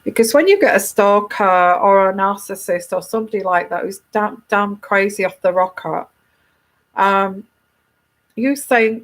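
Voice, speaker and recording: A woman tarot reader giving casual advice to a viewer, emphatic, often repeating herself and restarting her sentences. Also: medium pitch.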